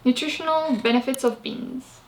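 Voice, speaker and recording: Female co-host, brief amused interjections, higher voice, heavy background noise. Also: moderate pace. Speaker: co-host reading viewer questions. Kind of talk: casual chat.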